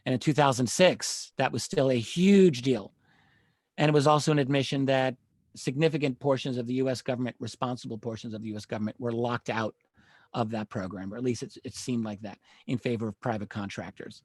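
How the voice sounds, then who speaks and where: A middle-aged man, a panel guest, telling a long story in a measured, earnest way and often pausing with uh and um. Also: medium pitch, dry recording, clean studio sound. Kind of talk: live panel discussion, recounting a story.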